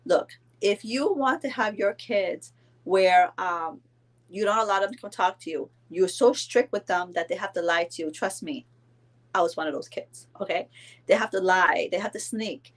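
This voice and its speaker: A woman's voice: medium pitch, normal speed. A woman in her forties from Belize, talking casually and rambling with lots of fillers on a live stream. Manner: chatty, rambling, many fillers and restarts. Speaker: vlogger.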